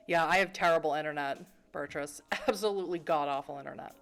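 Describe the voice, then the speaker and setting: A woman's voice: sits low, quick pace, hardly any pauses, faint music behind. A woman streaming at home, reading a story game aloud and chatting in self-deprecating asides.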